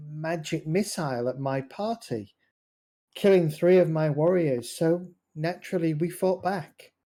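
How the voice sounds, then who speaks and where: A game master voicing a goblin chief who speaks in a plain, measured way. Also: mid-range voice, warm tone. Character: goblin chief, gruff and matter-of-fact.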